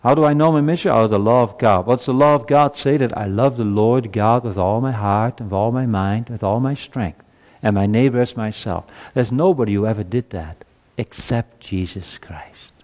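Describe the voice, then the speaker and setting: A man in his fifties preaching a sermon, moving from quiet reflection to loud, urgent appeals. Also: mid-range voice, a little fast, highs cut off. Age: 50s.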